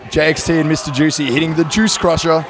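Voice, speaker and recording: A man hosting, recapping wrestling matches in a brisk announcer manner. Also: fairly high pitch, steady tone, a faint crowd, slight background noise. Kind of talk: show recap narration. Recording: music underneath.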